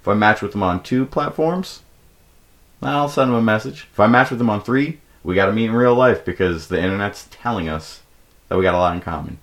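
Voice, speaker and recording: A young man hosting a podcast, telling rambling comic stories with plenty of swearing and acted-out quotes. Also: brisk. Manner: profane, animated, acts out quoted people in a high voice. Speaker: podcast host. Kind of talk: casual comedic storytelling.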